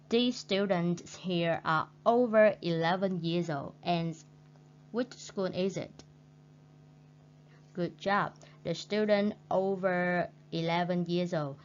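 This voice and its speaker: A woman with a Vietnamese accent teaching English vocabulary, speaking slowly and carefully and repeating each word twice. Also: on the low side. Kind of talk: recorded online lesson. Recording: dull lo-fi sound with faint hum.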